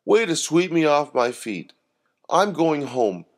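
A man's voice: fairly high pitch, big pitch swings, takes it slowly, voice pushed up. A man playing a sarcastic, worn-out woman. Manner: sarcastic, snappy. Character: tired, cranky woman coffee-shop worker.

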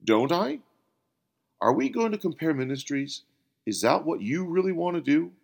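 Jesus, voiced by a man, calm and patient. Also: a little high, normal speed, gravelly, voice pushed up, full character voice. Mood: probing. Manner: calm, patient, gently probing.

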